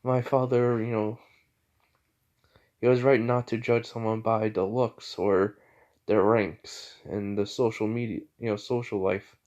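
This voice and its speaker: A man's voice: on the low side, little pitch movement, unhurried, darkish tone, natural voice. A man voicing an earnest, grateful young male mage who speaks politely. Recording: slightly muffled lo-fi audio.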